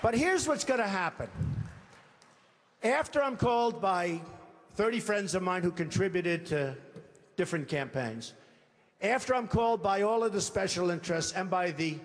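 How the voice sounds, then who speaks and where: A man's voice: high voice, expressive, normal speed. Boastful older man giving a campaign speech. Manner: boastful, repetitive, acts out imagined phone calls. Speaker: presidential candidate. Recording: long reverb of a large hall.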